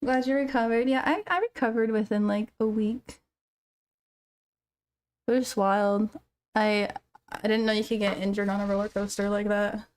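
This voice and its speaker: A woman's voice: medium pitch, level tone, moderate pace, long pauses, smooth. A young woman streaming live, chatting casually with viewers and telling a story with laughs. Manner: chatty, laughing storyteller reading chat aloud.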